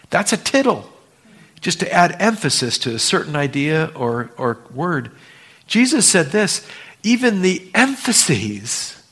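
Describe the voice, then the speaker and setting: A man's voice: medium pitch, fairly bright tone. Man teaching a casual Bible study. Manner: casual, explaining with fillers and asides.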